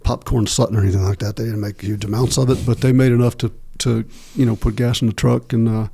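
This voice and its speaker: A middle-aged man speaks as a podcast guest, his voice gravelly and low-toned with a dark, mellow timbre. He talks in a halting, candid way, breaking off and restarting often as he recalls his past. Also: steady tone. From Texas. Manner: halting, many filler pauses and restarts. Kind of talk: candid interview storytelling.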